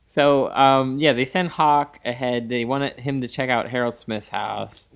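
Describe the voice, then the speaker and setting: A man co-hosting a podcast, recapping an episode in casual chat with deadpan quips. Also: mid-range voice, a little slow, gravelly, clean tone. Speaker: podcast co-host.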